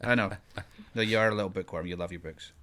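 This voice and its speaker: A man's voice: low voice, fast, a bit bright. A man, a father hosting a casual family podcast with his kids, chatty and teasing.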